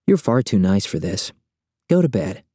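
A man reading a story aloud, voicing a young woman agent who is secretive and speaks quietly. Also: on the low side, big pitch swings, moderate pace, husky, no echo, studio quality. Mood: weary. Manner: quiet, hushed delivery.

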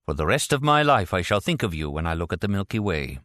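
A man's voice: low voice, big pitch swings, fast, fairly bright tone, dry recording. A man voicing a cool, sardonic male operative who speaks dryly and with formal irony. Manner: dry, formal and ironic.

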